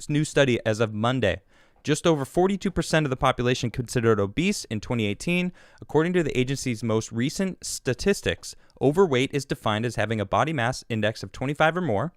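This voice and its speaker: A man's voice: mid-range voice, animated, fast talker, no echo, clean studio sound. A man hosting a podcast, giving casual, sarcastic commentary on news clips and reading quotes aloud to mock them. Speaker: podcast host.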